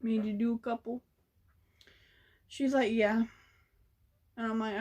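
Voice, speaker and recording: A woman's voice: fairly high pitch, fairly even intonation, slow pace, darkish tone. A young woman telling a story in a casual vlog, blunt and sassy, swearing freely. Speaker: vlogger.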